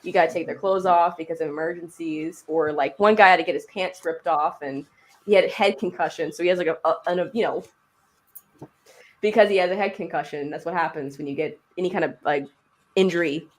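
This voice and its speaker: A young woman tells a funny story during a casual livestream chat. She is animated and quick to laugh, and she acts out each person in the story in a different voice. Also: lowish voice.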